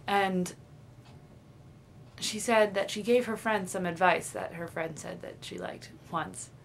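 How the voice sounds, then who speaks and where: A woman's voice: mid-range voice, slow pace, slight background noise. A young woman talking into the camera in a confiding, dreamy video diary, often trailing off and restarting. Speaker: vlogger.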